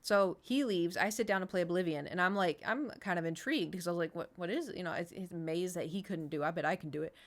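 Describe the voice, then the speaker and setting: A woman's voice: fairly low pitch, quick pace, few pauses. A woman in her thirties, streaming and chatting casually, rambling through an anecdote and answering chat as she goes.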